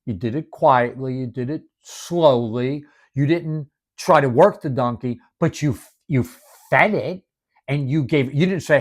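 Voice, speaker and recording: A man's voice: medium pitch, unhurried. A man teaching from the Bible in a casual, devotional way. His voice rises and falls a lot, and he acts out the people in the story as he goes. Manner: animated, acts out Bible scenes in dialogue.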